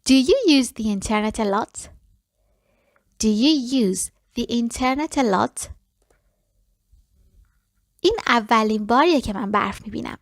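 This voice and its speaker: Woman teaching English slowly. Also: a little high, lively intonation, no room sound, studio quality. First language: Persian. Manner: repeats English phrases slowly and deliberately after quick explanations. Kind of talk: language lesson.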